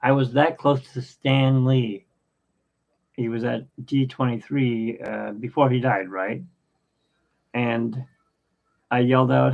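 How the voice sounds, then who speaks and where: Gravelly man in his fifties, rambling. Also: medium pitch, steady tone. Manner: rambling, anecdotal, halting with fillers. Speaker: podcast host. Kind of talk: casual rambling chat. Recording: dull lo-fi sound.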